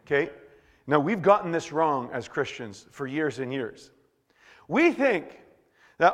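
Animated preaching man in a reverberant hall. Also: fairly high pitch, normal speed. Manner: animated preaching, swings from hushed to shouting. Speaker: pastor. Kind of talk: sermon.

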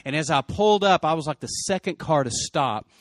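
A middle-aged man with a drawl recounts a memory with earnest feeling, his voice rising in urgent bursts and sinking low and quiet. The sound is close and dry, with no room around it. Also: animated, dry recording. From West Texas. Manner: earnest, emotional, quick surges and hushed drops. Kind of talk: personal storytelling.

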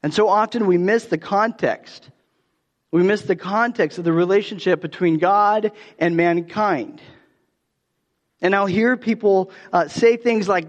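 A man delivers a conversational sermon with a fairly high voice. The sound is dull and a long reverb hangs in the hall behind him. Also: a little slow. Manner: conversational storytelling, many restarts and fillers. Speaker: pastor.

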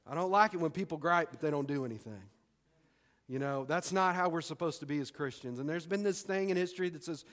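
A man preaching a sermon as pastor, emphatic, with dramatic pauses and repeated phrases. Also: a little high, fairly bright tone, big-room sound. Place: church sanctuary.

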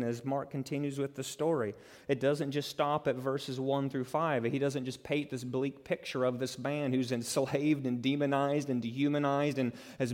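A man preaching a sermon as pastor, emphatic and conversational, acting out quotes and building to loud peaks. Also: mid-range voice. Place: church sanctuary. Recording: reverberant hall.

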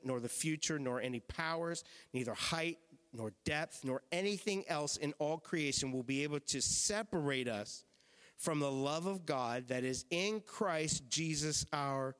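A man preaching a sermon to his church, conversational and emphatic, sometimes dropping to a hushed intensity. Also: mid-range voice. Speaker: pastor. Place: church sanctuary. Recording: long hall reverb.

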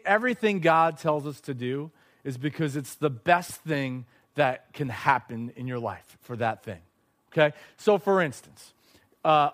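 A young adult man preaching a sermon to a live audience, telling lively stories and speaking straight to his listeners. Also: fairly high pitch.

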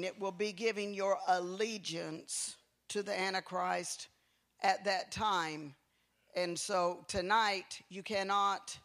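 A folksy preacher man delivers his sermon in a high voice. His tone is bright and ringing, and he tells stories with animated, preacherly energy from a church pulpit. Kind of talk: sermon with storytelling.

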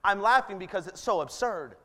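A man in his thirties delivers a sermon, his high voice earnest and then pressing hard on each appeal. The sound carries a long hall reverb around him, as in a church sanctuary. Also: animated, fairly quick, sharp tone. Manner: earnest, rising to emphatic appeals. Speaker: pastor.

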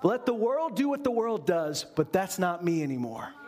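Preaching earnestly from the pulpit, a high-voiced pastor asks his congregation rhetorical questions. His delivery is very animated, at a moderate pace, with a slightly mellow tone.

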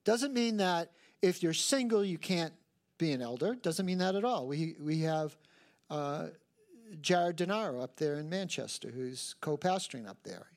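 A man's voice: fairly high pitch, moderate pace. An older man, a pastor, preaching a sermon and telling stories with self-mocking humor. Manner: animated storytelling with self-mocking humor and acted quotes.

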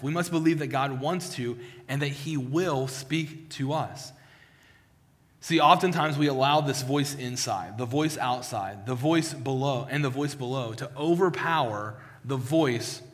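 A man's voice: mid-range voice, unhurried. A male pastor giving a sermon with a personal testimony, talking conversationally with frequent restarts and repeated words. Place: church sanctuary. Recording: long hall reverb.

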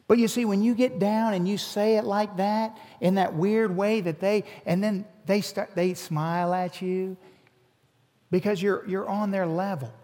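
A man's voice: sits high, fairly even intonation, unhurried, warm tone. A man preaching a sermon as a pastor, earnest and repeating his words as he builds each point. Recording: long hall reverb.

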